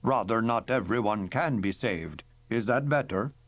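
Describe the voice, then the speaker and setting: A man's voice: lowish voice, a little slow, no room sound. A man reading a rueful, wry male companion. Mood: earnest. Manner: earnest, wry.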